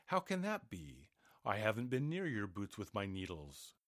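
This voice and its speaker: A flustered giantess fusses over her husband in a raised, fluttery voice, eager to please, as a man puts her on while reading the story. Her lines swing widely in pitch, and the recording is close and dry. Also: wildly swooping pitch, moderate pace, a bit bright, no echo. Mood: fussing. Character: fussing giant's wife, obedient, flustered.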